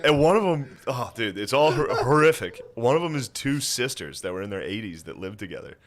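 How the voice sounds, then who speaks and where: A young man co-hosting a podcast in casual, comedic banter, laughing often and acting out voices in quick bits. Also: medium pitch, big pitch swings. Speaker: podcast co-host.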